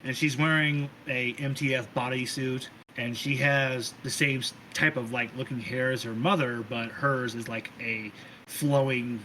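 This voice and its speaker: A man narrating a tabletop game as game master, in a rambling, animated way with some swearing. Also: medium pitch, measured pace, slight background noise, rough recording. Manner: rambling, animated storytelling with profanity.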